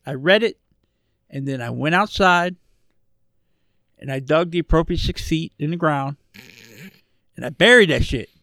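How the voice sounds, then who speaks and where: A man rants and jokes his way through a podcast chat, swearing freely. His voice sits a little high and sounds close to the mic with no room around it. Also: animated, a little slow, pauses often, a bit bright, no room sound. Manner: ranting, jokey, profane. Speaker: podcast co-host. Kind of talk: casual chat.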